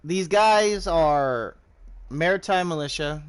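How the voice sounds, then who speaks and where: American guy streamer, slightly high voice, rambling, swears a lot. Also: slow pace, smooth. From United States. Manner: profane, rambling, restarts often. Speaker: livestreamer. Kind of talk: casual rambling commentary while gaming.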